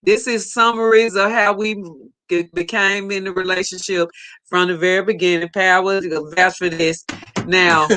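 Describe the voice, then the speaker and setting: Bright-voiced woman storyteller. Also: lowish voice, normal speed. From United States. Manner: animated storyteller, laughs often, playful teasing. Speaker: co-host. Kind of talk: casual storytelling chat.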